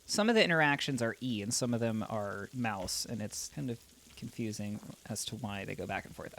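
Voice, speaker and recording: A man's voice: lowish voice, expressive, fairly quick, gravelly, a bit bright, a little hiss or hum. A man commenting casually on a game as he plays, emotional and chatty, talking to himself. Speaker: gaming YouTuber. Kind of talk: let's play commentary.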